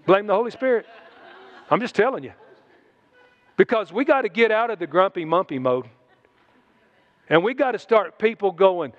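A man preaching a sermon to his congregation, exhorting and then dropping into hushed asides. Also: sits high, animated, normal speed, long pauses, highs cut off. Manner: exhorting, swings between loud shouts and hushed asides. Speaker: pastor. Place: church sanctuary.

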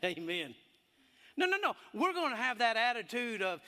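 Emphatic male preacher, high and bright, big swings in pitch. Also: normal speed, long reverb tail. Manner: animated and emphatic, drawing in the congregation. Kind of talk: sermon.

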